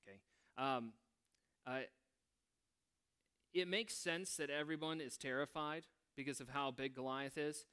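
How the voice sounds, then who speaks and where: A man leading a prayer and then teaching a Bible passage in a relaxed, conversational way, musing aloud with wry asides. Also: a little high, a little slow, pauses often, clear, resonant tone.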